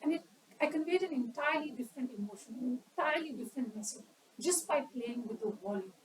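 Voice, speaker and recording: A woman's voice: sits high, expressive, fast talker, far from the mic, slight background noise, poor audio. A woman giving an educational talk on public speaking at a club meeting, quizzing the audience and acting out examples.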